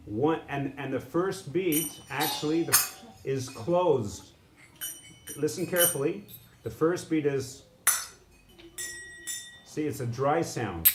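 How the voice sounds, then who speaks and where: A man teaching a live instrument lesson, halting with frequent restarts and singing syllables to demonstrate sounds. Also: mid-range voice, lively intonation. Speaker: music teacher. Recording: echoey room with background noise.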